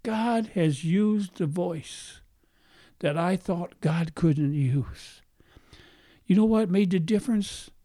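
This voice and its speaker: Man preaching, slow unhurried delivery, faint brogue-like lilt from an old speech impediment, dry close sound. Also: high-pitched, mellow, no room sound. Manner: earnest preaching, repeats phrases for emphasis, asks the congregation questions. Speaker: pastor. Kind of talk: sermon.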